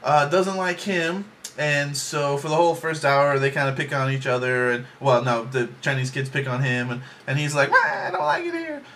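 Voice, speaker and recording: A man's voice: medium pitch, fairly even intonation, moderate pace, fairly bright tone, a little hiss or hum. A man giving a casual, rambling movie review from his bedroom, joking along with plenty of ums and likes. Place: home bedroom.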